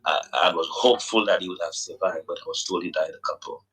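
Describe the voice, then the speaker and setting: A man from Dominica on a radio talk show, speaking earnestly and haltingly, often repeating words as he searches for the phrasing. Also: deep voice, fairly even intonation, a bit bright, breathy edge, low-quality recording. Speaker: guest recounting a roadside accident. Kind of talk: radio phone-in conversation.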